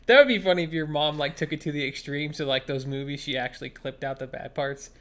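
A man's voice: a little high, fast, a bit bright. A man co-hosting a podcast in casual chat, teasing his co-host with a wry manner and laughing often.

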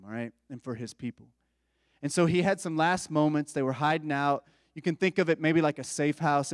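A man's voice: medium pitch, dry recording, studio quality, in a large hall. A man preaching a sermon in a conversational style, with informal asides to the congregation. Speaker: pastor.

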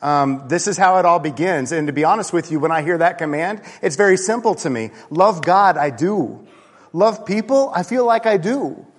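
A man's voice: high-pitched, expressive, normal speed. A man preaching a sermon as a pastor, talking casually, joking and poking fun at himself. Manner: casual, joking, self-deprecating. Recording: long reverb of a large hall.

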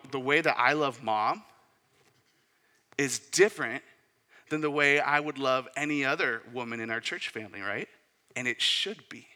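A man's voice: mid-range voice, sharp tone. A man in his thirties preaching a sermon as a pastor, conversational, with asides and rhetorical questions. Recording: reverberant hall.

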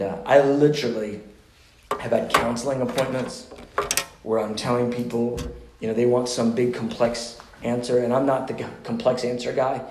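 Pastor guy preaching a class, passionate and chatty, mid pitch, roomy echo. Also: darkish tone. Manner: passionate, conversational, with restarts, ends in prayer. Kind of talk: sermon teaching class.

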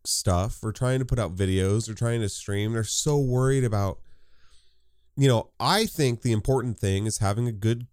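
A man's voice: fairly low pitch, darkish tone, smooth, dry recording, studio quality. A man speaking as a podcast guest, talking casually with many restarts. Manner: halting, many restarts and fillers. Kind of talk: casual chat.

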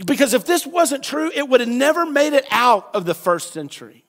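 A male pastor preaching a sermon in a church, animated and acting out voices, at times rising to a shout. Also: extremely high pitch, moderate pace. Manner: animated, acts out quoted voices, rises to shouts.

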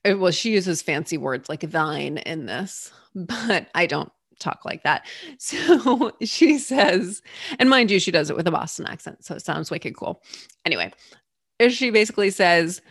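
A woman hosting a solo podcast, talking reflectively and acting out her own inner thoughts in lively asides. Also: on the low side, measured pace, no room sound, studio quality. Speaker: podcast host.

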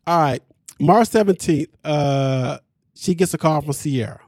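Slangy animated man recapping a show. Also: on the high side, measured pace, no echo, clean studio sound. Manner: animated, laughs often, slangy. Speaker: podcast recap host. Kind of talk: casual show recap chat.

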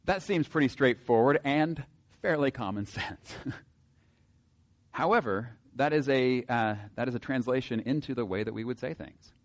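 A man with a medium-pitched voice gives a casual, wry Bible teaching to a group. He often pauses on filler words and reads passages aloud.

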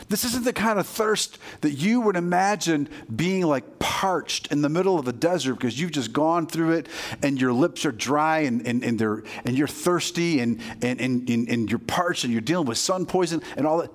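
A male pastor preaching with lively energy in a church, his voice sitting a little higher than most men's. He moves between easy asides to the congregation and rising, emphatic points. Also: normal speed. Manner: energetic, repeats "all right", addresses the congregation. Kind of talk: sermon.

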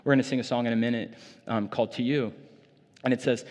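A man's voice: mid-range voice, fairly even intonation, fast, darkish tone, long reverb tail. A man preaching a sermon in a loose, conversational way, full of casual fillers, in a church. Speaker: pastor.

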